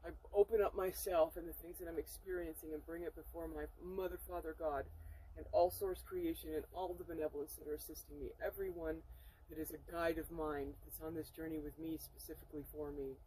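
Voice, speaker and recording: A woman talking earnestly to the camera in a spiritual vlog from inside her camper, often halting and emotional. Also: sits low, fairly even intonation, mellow, slight background noise, poor audio. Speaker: spiritual vlogger. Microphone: camera mic.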